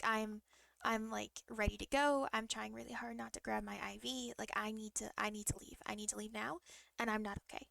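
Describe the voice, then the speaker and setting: A young woman streamer telling a long story in a rambling, halting way, often restarting her sentences. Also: a little high, vocal fry, fairly bright tone, no room sound. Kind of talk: casual storytelling to a live stream.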